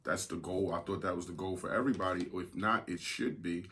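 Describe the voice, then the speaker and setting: A man's voice: low-pitched, fairly even intonation, a little fast, a bit bright, slight background noise. A man co-hosting a podcast, joking and playful in slangy casual chat. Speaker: podcast co-host.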